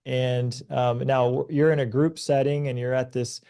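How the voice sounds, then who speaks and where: A man in his thirties, a podcast guest, talking earnestly and telling stories in a relaxed conversation. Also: mid-range voice, normal speed, gravelly, clear, resonant tone. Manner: earnest, storytelling, animated when recounting events. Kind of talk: conversational advice talk.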